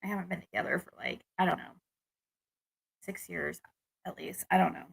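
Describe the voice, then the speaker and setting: A woman's voice: lowish voice, normal speed, vocal fry, husky. A young adult woman from the United States telling a rambling personal dating story to her viewers, with restarts and frustrated venting. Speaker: vlogger. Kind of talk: casual personal story to camera.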